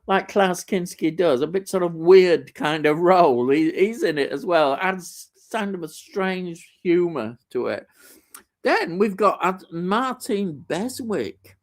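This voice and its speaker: Rambling man with lively pitch. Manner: rambling, enthusiastic, with fillers and restarts. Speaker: live stream host. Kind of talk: casual film chat on a live stream.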